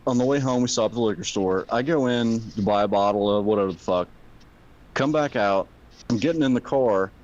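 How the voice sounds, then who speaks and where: A man chatting casually on a podcast, telling stories with a lot of swearing and halting restarts. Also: lowish voice, a little mellow. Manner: storytelling, profane, hesitant restarts. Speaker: podcast guest. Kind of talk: casual chat. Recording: dull lo-fi audio.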